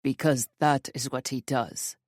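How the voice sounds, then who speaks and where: A woman reading an audiobook, voicing a grim, protective man who speaks low and steady. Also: a little slow, dry recording, studio quality, close to an everyday voice.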